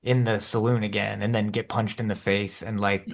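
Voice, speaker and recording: A man co-hosting a podcast in casual chat, animated, jumping up in pitch when he acts out his own reactions. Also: moderate pace, creaky. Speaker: podcast co-host.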